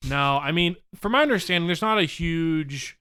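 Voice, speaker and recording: A young man chats on a casual podcast, quick to laugh. His voice is bright and sharp, and very clear. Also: a little high, animated. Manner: chatty, laughs easily. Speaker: podcast co-host.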